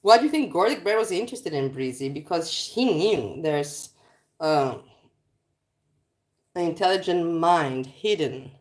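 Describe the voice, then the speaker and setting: A woman hosting a casual livestream, rambling and teasing her viewers with self-mocking jokes. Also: on the low side. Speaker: livestream host.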